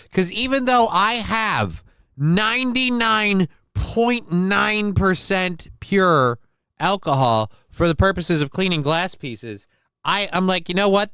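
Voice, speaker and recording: A man's voice: high voice, a bit bright, clean tone, dry recording. Congested man rambling crudely on stream. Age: adult, father of a six-year-old. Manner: rambling, crude and joking, often sneezing and sniffing. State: congested from a sinus infection. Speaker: live stream host. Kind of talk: casual live-stream chat. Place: home basement room. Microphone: desk mic close to the face.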